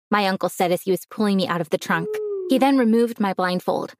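A woman reads a first-person story aloud with a calm, earnest delivery. Her voice sits at an ordinary mid pitch, steady and clear for a storybook narration. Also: fairly quick, no echo, clean studio sound.

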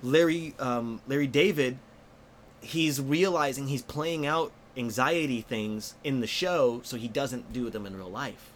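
A man's voice: medium pitch, unhurried, a little hiss or hum. A man talking as a guest in a casual podcast conversation, telling stories and acting out the quotes. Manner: animated storyteller who acts out quotes.

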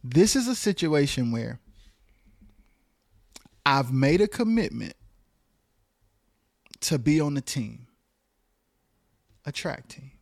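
A man's voice: on the high side, very animated, takes it slowly, gravelly, pauses often, no echo, studio quality. A man hosting a podcast in casual conversation, making emphatic points and asking probing questions.

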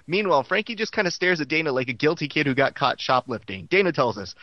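Podcast host, male, sarcastic and profane; fairly high, animated voice, lo-fi. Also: quick pace, hardly any pauses, dry recording. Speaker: podcast host recapping a show. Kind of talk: comedic recap.

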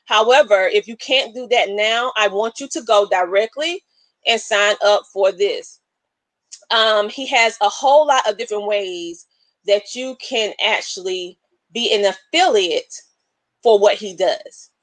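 A woman's voice: mid-range voice, measured pace, a bit bright, no room sound. A woman hosting a live stream, talking casually, emotional and preacher-like. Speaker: live show host. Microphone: webcam.

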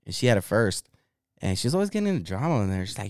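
A man in his thirties co-hosting a podcast, telling stories in a relaxed, casual way and often breaking into laughter. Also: on the low side, quick pace, clear, resonant tone, dry recording, clean studio sound. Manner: laid-back storytelling, bursts of laughter. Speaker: podcast co-host. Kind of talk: casual chat.

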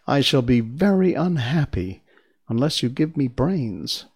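A man's voice: very animated, a little slow, darkish tone, breathy edge, dry recording, heavily acted. A man voicing an earnest, eager scarecrow made of straw, pleading in a raised voice. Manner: eager, high-pitched pleading.

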